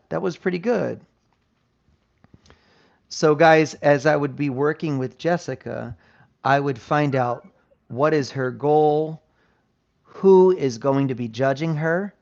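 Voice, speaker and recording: A man's voice: mid-range voice, vocal fry. An American man teaching an English lesson, explaining patiently and often asking "right?". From United States. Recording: dull lo-fi sound.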